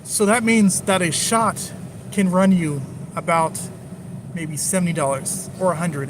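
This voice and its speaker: High-voiced man vlogging live from his car. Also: measured pace, pauses often, noisy background. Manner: rambling, jokey, talks to chat viewers nonstop. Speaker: live-streaming driving vlogger. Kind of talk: casual live-stream chatter. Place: in a car driving through city streets.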